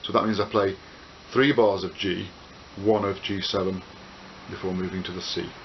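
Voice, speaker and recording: Dull, hissy camcorder audio captures a loud ukulele and a man teaching it. His voice is low-pitched at a normal speed, and he explains in a relaxed way, counting beats, calling chords as he plays and using plenty of "uh" fillers.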